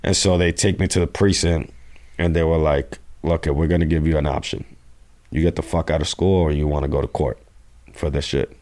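A man's voice: extremely low pitch, steady tone, fairly quick, a little mellow. A man telling a rambling, profane story in a casual interview. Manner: profane, rambling, acts out quotes. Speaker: guest.

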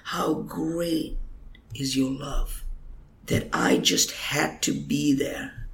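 A man's voice: fairly high pitch, huge pitch swings, very slow, gravelly, a bit bright. A man, a guest minister, telling an emotional testimony in a podcast interview, earnest and at times dropping to a whisper. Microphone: computer microphone.

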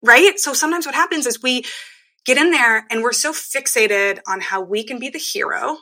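A woman's voice: high voice, moderate pace, sharp tone. A woman guest in a casual conversation, explaining ideas with enthusiasm and often acting out what people say. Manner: enthusiastic, explanatory, acts out quoted speech. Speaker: guest, women's group leader.

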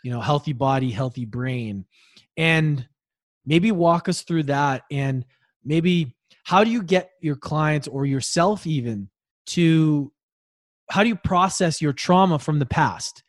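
A man's voice: a little high, slow, dry recording, studio quality. A man hosting a podcast, asking long, loosely strung questions. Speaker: podcast host. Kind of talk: podcast interview.

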